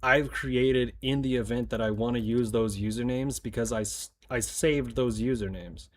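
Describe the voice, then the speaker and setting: A man's voice: medium pitch, steady tone, moderate pace. A man streaming a game, chatting casually in a rambling, jokey way with plenty of swearing. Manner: rambling, profane, jokey asides. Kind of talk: casual chat while gaming.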